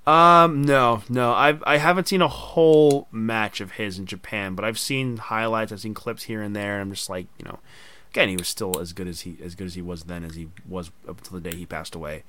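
A man's voice: lowish voice, fairly even intonation, a little fast, pushed and bright, clean tone. A man hosting a casual podcast chat, telling stories animatedly and acting out quoted voices. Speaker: podcast host.

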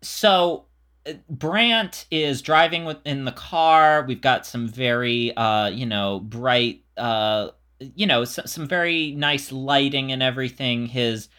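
A man co-hosting a podcast, chatting casually about a movie in a wry, halting way full of fillers. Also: medium pitch, bright, forceful tone. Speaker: podcast co-host. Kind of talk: casual movie-riffing chat.

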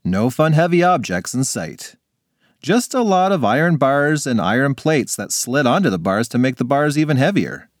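A man reading a funny children's story aloud in a playful, animated way. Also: mid-range voice, normal speed, dry recording, studio quality. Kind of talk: scripted narration for children.

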